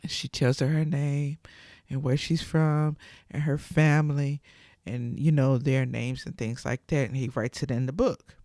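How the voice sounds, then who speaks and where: A woman's voice: very deep voice, steady tone, measured pace, mellow, no room sound, clean studio sound. Chatty woman recapping a movie. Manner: chatty, retelling with filler words and quoted lines. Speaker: channel host.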